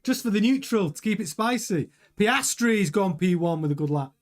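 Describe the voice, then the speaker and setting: A man hosting a live race watchalong, chatting excitably over the timings with frequent stumbling restarts. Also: sits high, normal speed. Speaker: host.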